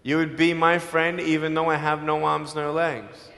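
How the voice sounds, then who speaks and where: A man's voice: fairly high pitch, flat delivery, normal speed, gravelly. Emphatic Australian man in a reverberant hall. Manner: emphatic storytelling, swings between loud and hushed. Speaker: motivational speaker. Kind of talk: live motivational speech.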